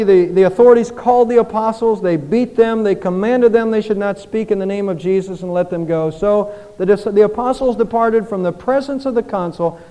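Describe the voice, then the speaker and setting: High-voiced guy preaching a sermon, earnest, lots of "are you ready?" questions, big echoey church sound. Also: warm tone, smooth, muffled recording. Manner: earnest preaching with rising and falling intensity, rhetorical questions. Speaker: pastor. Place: church sanctuary. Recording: church hall with long reverb.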